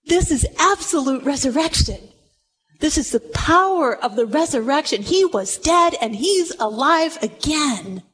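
A woman preaching a sermon to a room, retelling a story with animated delivery and acted-out quotes. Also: high voice, measured pace.

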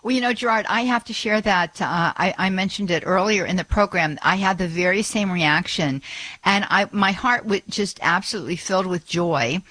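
Middle-aged lady radio host, bright voice, dry close sound, chatty with lots of uh's. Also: mid-range voice, moderate pace, dry recording, rough recording. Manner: warm, chatty, frequent fillers and laughs. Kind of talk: call-in radio talk show.

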